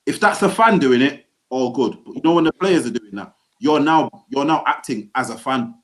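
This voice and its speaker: A young man co-hosting a football podcast in slangy, animated banter. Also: medium pitch, moderate pace. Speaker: podcast co-host. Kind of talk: casual podcast chat.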